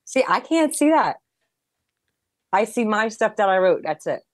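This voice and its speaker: A woman's voice: mid-range voice, big pitch swings, measured pace, no echo, studio quality. A woman co-hosting a casual radio show, chatting in a laid-back, wry way.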